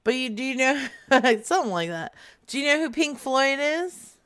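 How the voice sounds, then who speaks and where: A woman's voice: high voice, sing-song, normal speed, a bit bright, clean tone. A young adult woman making a prank phone call, brash and teasing, laughing often. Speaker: prank caller.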